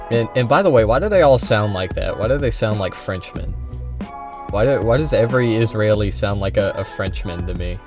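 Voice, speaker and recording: A man hosts a casual political livestream and argues heatedly with his viewers. His voice sits at an ordinary pitch and he talks straight at the chat. Music plays clearly in the background. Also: moderate pace. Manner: combative, heated, addresses chat directly. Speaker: streamer.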